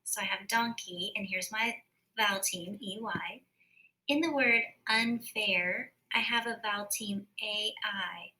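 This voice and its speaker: Bright-voiced woman teaching phonics. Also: mid-range voice, poor audio. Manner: slow, careful sounding-out of words. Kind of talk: recorded phonics lesson.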